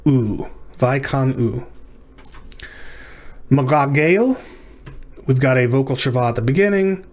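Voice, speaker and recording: A man in a recorded lecture talks through practice exercises at an unhurried pace. He thinks aloud, stops to fix small mistakes, and carefully sounds out each word one syllable at a time. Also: mid-range voice, expressive, darkish tone. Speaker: language instructor.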